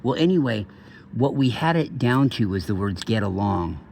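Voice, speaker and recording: A man's voice: mid-range voice, lively intonation, moderate pace, darkish tone, a little hiss or hum. A man hosting his own channel, telling a long rambling story in a casual, profane, digressive way. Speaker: channel host.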